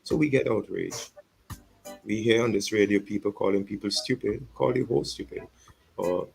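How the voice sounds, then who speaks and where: Gravelly earnest pastor on radio. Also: male voice, fairly low pitch, normal speed, a little mellow, faint music behind, rough recording. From St Vincent and the Grenadines. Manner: earnest and reflective, repeats words and phrases. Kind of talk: radio talk, public apology. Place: radio studio.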